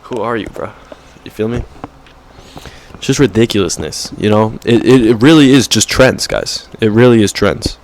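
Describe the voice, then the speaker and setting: A man's voice: normal speed, a little hiss or hum. A young man talking to camera in a rambling, profane rant, often saying "bro" and mocking others in put-on voices. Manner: mocking put-on quotes in higher voice. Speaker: vlogger.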